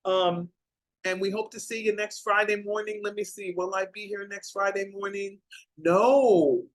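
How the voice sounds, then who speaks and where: A woman's voice: medium pitch, fairly even intonation, normal speed, low-quality recording. An older woman hosting a heartfelt talk show, speaking in an emotional way and stretching out her words. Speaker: host.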